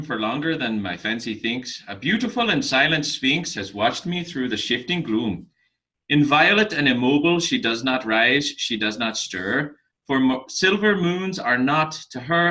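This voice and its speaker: A man hosting, reading a poem aloud in a measured way that slows at line ends. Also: mid-range voice, sing-song, bright, forceful tone, low-quality recording. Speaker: host.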